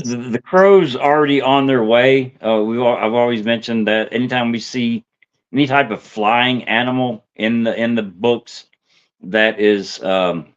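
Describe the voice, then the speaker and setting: A man's voice: lowish voice, clear, resonant tone. A man co-hosting a casual book discussion who talks hesitantly and often repeats words. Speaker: podcast co-host. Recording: dull lo-fi sound.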